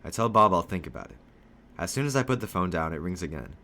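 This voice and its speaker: A man reading a children's novel aloud in steady first-person storytelling, lightly voicing the dialogue. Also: sits low, fast.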